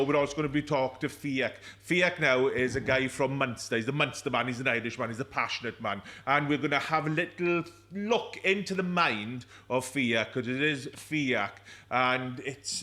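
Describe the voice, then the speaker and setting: A man co-hosts a relaxed podcast from a rugby clubhouse bar. His talk is lively and full of repeats and laughter. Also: mid-range voice, moderate pace, few pauses. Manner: animated, repeats himself, laughs a lot. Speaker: podcast co-host. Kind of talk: casual pub chat.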